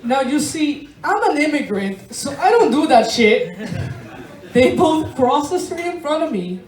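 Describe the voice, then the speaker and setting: A Venezuelan woman does a stand-up set for a live audience in a bar's large room, telling stories slowly in a laughing, deadpan style with some swearing. Her ordinary-pitched voice is picked up from far off the mic in an echoey space, with soft background music.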